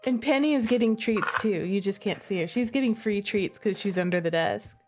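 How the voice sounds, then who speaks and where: A woman's voice: mid-range voice, brisk, music in the background. A woman streamer in casual chat at home, playful and giggly as she chats with her pets and coaxes them. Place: room at home.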